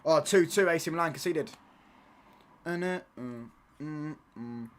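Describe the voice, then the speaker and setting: A man's voice: a little high, slow. A young man chatting casually on a football watchalong stream, reading chat and bantering in slang with stop-start restarts.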